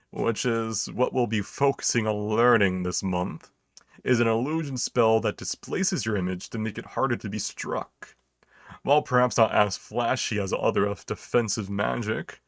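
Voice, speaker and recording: A man's voice: lowish voice, vocal fry, no echo, studio quality. A man voicing a laid-back, pipe-smoking male illusion teacher who lectures his class in a languid way. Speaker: teacher character.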